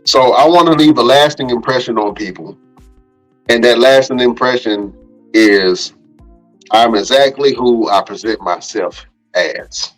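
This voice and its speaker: Earnest man giving slow reflective advice. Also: medium pitch, soft background music, rough recording. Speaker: podcast panelist. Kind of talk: casual podcast chat.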